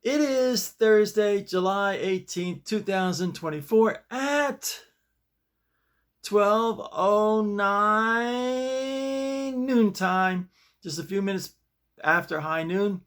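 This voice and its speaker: Speaking extremely slowly in a high, smooth and slightly bright voice, a man recording his own video show in his bedroom rambles casually through a story, restarting often. He sounds shaken up.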